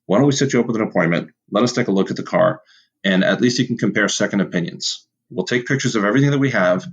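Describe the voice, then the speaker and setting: A man with a lowish voice chats as a guest on a podcast. He runs a repair shop, and he often starts his sentences over. He acts out how his customers talk, and his audio sounds slightly dull and muffled. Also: quick pace, breathy edge. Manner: chatty, restarts sentences, acts out customer exchanges. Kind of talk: casual podcast conversation.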